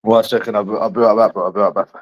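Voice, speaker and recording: A man's voice: fairly low pitch, flat delivery, racing, dull audio. A man in a profane, rambling livestream chat, calling his viewers bro and mate.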